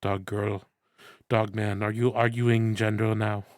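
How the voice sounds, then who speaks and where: A man's voice: on the low side, flat delivery, unhurried, no echo, clean studio sound. A man co-hosting a podcast in casual banter, rambling and playful, often tripping over his words. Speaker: podcast co-host.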